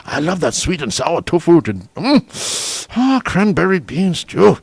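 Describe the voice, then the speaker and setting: Chuckling Antiguan radio host. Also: male voice, on the high side, lively intonation, normal speed, gravelly, husky, no room sound. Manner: chatty, chuckling, savoring the food aloud. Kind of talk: casual radio chat, reading lunch specials.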